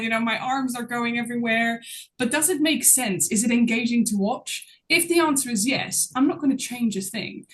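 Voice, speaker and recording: A woman appears as a guest in a casual interview, speaking as a public speaking coach. Her voice sits a little high, and she's expressive, laughing often as she talks.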